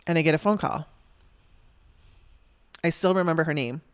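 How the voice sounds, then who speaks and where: A woman's voice: sits low, moderate pace, smooth, no echo. A middle-aged woman hosting a podcast, frankly telling a hard personal story with wry laughs and the odd swear word. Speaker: podcast host.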